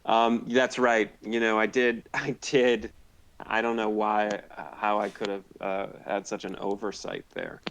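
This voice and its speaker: A man's voice: on the low side, fairly even intonation, a little slow, vocal fry, a bit bright, slight background noise. Rambling, giggly man co-hosting. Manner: rambling, lots of fillers, laughs easily. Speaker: co-host. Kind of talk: casual chat.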